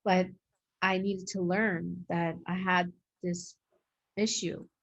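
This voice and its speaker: A woman's voice: on the low side, flat delivery, slow pace. A woman hosting an interview, telling her own story in a loose, rambling way with lots of fillers and acted-out quotes. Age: adult with a young daughter. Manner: rambling, heavy use of "like" and "um"; acts out quoted dialogue. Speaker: host sharing her own experience.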